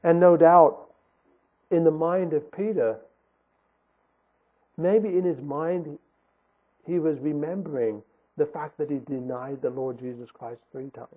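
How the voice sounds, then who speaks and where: A man with a high, husky voice delivers an earnest sermon, leaning on his key phrases and repeating them for emphasis. The sound is thin and tinny, as if it came through a phone line. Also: a little slow, long pauses. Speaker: preacher.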